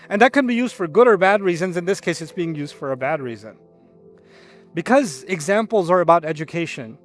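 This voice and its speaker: A middle-aged man giving a Quran lecture, teaching animatedly, reciting Arabic and acting out the voices he quotes. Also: sits high. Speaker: Islamic lecturer.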